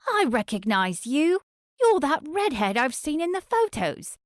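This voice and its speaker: A woman voicing a shrill, sing-song, obsessive young woman with a Cockney accent in an audiobook. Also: very animated, unhurried, dry recording, clean studio sound. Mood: screaming, unhinged.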